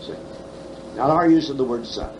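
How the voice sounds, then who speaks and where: A man's voice: mid-range voice, moderate pace, muffled recording. A man in his seventies giving conference Bible teaching, emphatic and questioning, with folksy humor. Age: 70s. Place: conference hall. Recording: faint background noise, 1979 tape.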